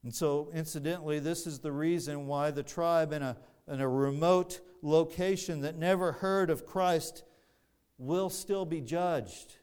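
A man preaching a sermon with a smooth, clear voice that sits fairly high for a man. He talks slowly and explains each point step by step, often going back to restart a phrase. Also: steady tone, darkish tone. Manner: measured, explanatory, with frequent restarts.

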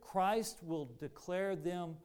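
A man preaching a sermon to a congregation in an earnest, deliberate manner with rising emphasis. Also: high voice, a little mellow. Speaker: pastor.

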